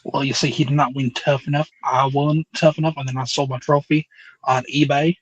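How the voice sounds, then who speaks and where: A man's voice: mid-range voice, a little fast, breathy edge, no echo, close to an everyday voice, poor audio. A man doing a cocky wrestler with a southern twang. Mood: boastful. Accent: put-on American Southern. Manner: boastful, cocky, deadpan. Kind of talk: comedic impression.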